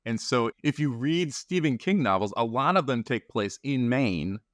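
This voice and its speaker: A man's voice: medium pitch, lively intonation, moderate pace, no echo, clean studio sound. A man co-hosting a podcast, talking in a loose, rambling way and chuckling often. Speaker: podcast co-host. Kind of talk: casual conversation.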